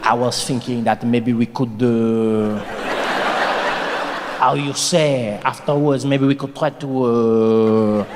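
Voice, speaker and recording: A man voicing a seductive Frenchman with a French accent, speaking slow, low and hesitant, in a reverberant hall with audience ambience. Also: steady tone, background noise, natural voice.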